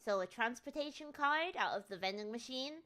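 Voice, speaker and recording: A woman VTuber streamer tells a travel story in rambling, chatty, casual talk, often laughing at herself. Her voice is a little high, bright and forceful, expressive and fairly quick.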